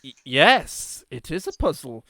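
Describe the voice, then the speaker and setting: A man's voice: a little high, very animated, sharp tone, no echo, studio quality, exaggerated voice. A man playing a fawning sly adventurer. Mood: flattering. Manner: fawning, halting, overly polite. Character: flattering fast-talking male adventurer, sly.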